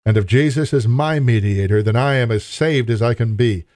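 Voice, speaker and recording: A man's voice: medium pitch, normal speed, a little mellow, no room sound, studio quality. A man preaching a sermon in an earnest, emphatic way, appealing directly to his listeners.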